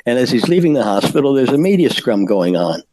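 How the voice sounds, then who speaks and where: An older man, a podcast guest, telling stories in a halting way with many fillers and restarts. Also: medium pitch, sing-song, mellow, slight background noise, poor audio. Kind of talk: anecdotal storytelling.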